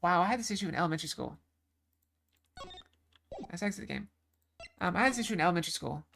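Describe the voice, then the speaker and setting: A woman's voice: on the low side, animated, fast talker, vocal fry, a bit bright, slight background noise. A woman game streamer talking casually on a live stream, rambling with lots of fillers and restarts, from a home setup.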